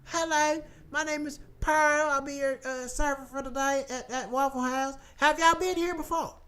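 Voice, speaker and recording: A man's voice: extremely high pitch, fairly even intonation, normal speed, bright, forceful tone, pitched above the performer's own voice. A man putting on a chirpy Southern diner waitress. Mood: welcoming. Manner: sing-song, welcoming customer-service patter.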